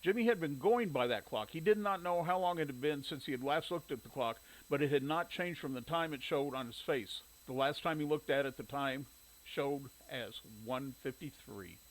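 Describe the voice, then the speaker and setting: A man narrating a story in a steady reading voice. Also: on the high side, moderate pace, rough recording. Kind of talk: audiobook narration.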